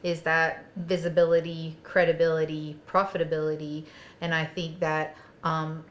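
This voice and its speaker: A woman's voice: low voice, flat delivery, normal speed. A woman co-hosting a podcast, talking in a thoughtful, casual way in an office conference room. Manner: thoughtful, talks in lists and frameworks. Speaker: podcast co-host.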